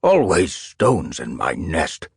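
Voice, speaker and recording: A male audiobook narrator voicing a grumpy old male cat elder who croaks and mutters irritably. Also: a bass voice, huge pitch swings, no room sound, studio quality, heavily acted. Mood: grumbling. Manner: slow grumbling mutter. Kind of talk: storybook character voice.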